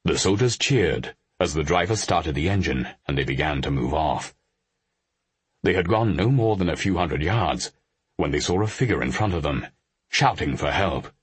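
A man narrating an audiobook in a steady, measured way. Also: very deep voice, husky, dry recording. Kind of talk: scripted narration.

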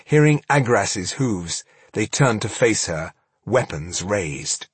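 A man reading fantasy fiction aloud as an audiobook narrator, with dramatic, measured storytelling. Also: on the low side, sing-song, breathy edge, no echo.

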